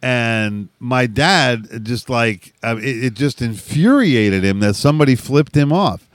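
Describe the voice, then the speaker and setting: A middle-aged man telling a rowdy story in casual chat, animated, swearing freely and laughing often. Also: medium pitch, unhurried, no room sound, studio quality.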